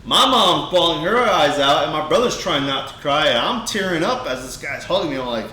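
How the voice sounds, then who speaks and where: A man's voice: on the high side, expressive, a little fast, hardly any pauses, sharp tone. A young man co-hosting a podcast, telling a heartfelt story in a rambling way, full of restarts. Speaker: podcast co-host. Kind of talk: casual podcast chat. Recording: echoey room, faint background hiss.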